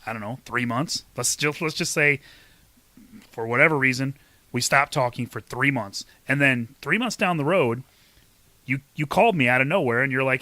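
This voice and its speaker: A man's voice: mid-range voice, a little fast, pushed and bright, dry recording. A man co-hosting a podcast, playful and teasing, laughing often in casual chat. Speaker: podcast co-host.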